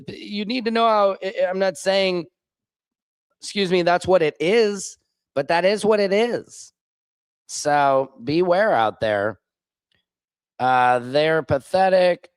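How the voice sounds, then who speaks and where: His medium-pitched voice is smooth and the recording has no room sound as this Missouri live streamer goes through viewer comments. He replies bluntly and sarcastically and gets loud when reacting to clips.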